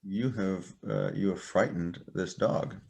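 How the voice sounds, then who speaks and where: Male game master, low-ish voice, halting delivery with many fillers, casual tabletop session. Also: gravelly, a little mellow.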